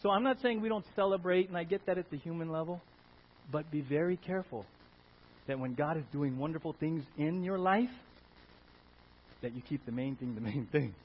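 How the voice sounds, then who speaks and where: A male pastor preaching an animated sermon and calling for amens, on a dull lo-fi recording. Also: a little high, normal speed, slight background noise. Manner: animated, calls for Amen from the congregation.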